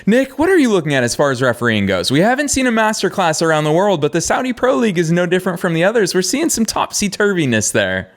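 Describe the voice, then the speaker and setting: A man's voice: high voice, big pitch swings, quick pace, few pauses. A man co-hosting a soccer podcast, direct and opinionated, steering the conversation. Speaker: co-host. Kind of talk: casual podcast chat.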